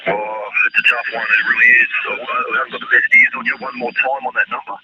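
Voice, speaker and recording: An Australian man works the airwaves as an amateur radio operator, talking quickly in a friendly, mate-heavy way. His voice rises and falls a great deal. Loud static hiss fills the recording behind him. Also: medium pitch, huge pitch swings, dull audio. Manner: friendly, chatty, calls everyone mate. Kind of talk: casual on-air radio contacts.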